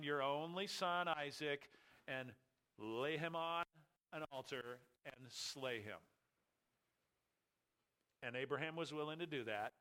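A man's voice: a little high, bright, forceful tone. A male pastor preaching an expository sermon, emphatic, repeating key phrases and asking and answering his own rhetorical questions.

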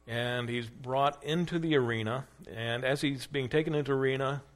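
A man's voice: mid-range voice, normal speed. A man lecturing a class on church history. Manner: conversational, acts out quoted dialogue with rising emphasis; asks questions of a class.

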